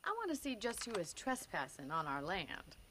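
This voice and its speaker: A woman's voice: medium pitch, wildly swooping pitch, normal speed, fairly bright tone, a little hiss or hum. An actress voicing a friendly young frontier woman rancher in a video game, speaking in a plainspoken way.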